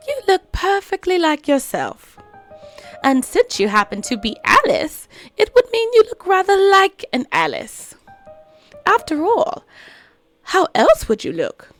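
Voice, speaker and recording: A woman doing a smug riddling cat. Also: high-pitched. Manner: riddling, smug, drawn-out put-on accent. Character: cryptic, teasing male cat.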